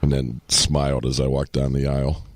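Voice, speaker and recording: Very deep and flat in delivery, this man's voice moves at a normal speed on a recording free of room sound. As a podcast co-host he keeps things casual, telling foul-mouthed stories and acting out quoted people.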